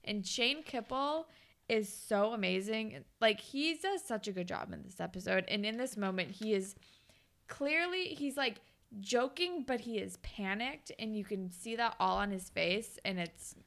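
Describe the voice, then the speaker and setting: A young woman with a gravelly edge to her voice, co-hosting a casual chat show. She retells TV scenes with lively energy, slipping into the characters' lines as she goes. Her pitch sits in a middle range. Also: measured pace. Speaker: podcast co-host.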